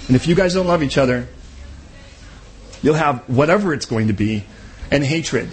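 A man with a notably high voice, preaching a sermon. He talks conversationally, throws in jokes, and briefly slips into other people's voices to make his points. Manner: conversational and joking, acts out quick voices. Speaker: pastor.

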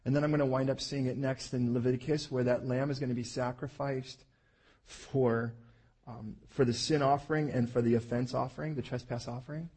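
A man's voice: medium pitch, steady tone, a little fast, dark tone, husky. A middle-aged man, a pastor, preaching a sermon in a conversational, emphatic way.

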